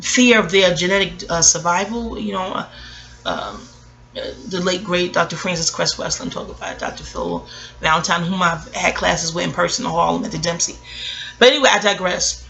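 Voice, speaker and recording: A woman astrologer talking in a casual reflective monologue, rambling and digressive, blunt and quick to swear. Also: on the low side, creaky, a bit bright.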